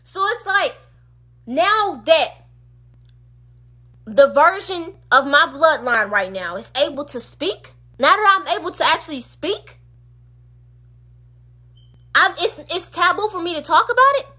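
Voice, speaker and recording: A woman with a very high, bright, cutting voice speaks into her phone on a livestream. She rants with fervent emphasis, circling back to the same pointed questions again and again. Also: lively intonation, a little slow, long pauses. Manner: emphatic, repetitive rhetorical questions. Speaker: streamer. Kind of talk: impassioned livestream rant.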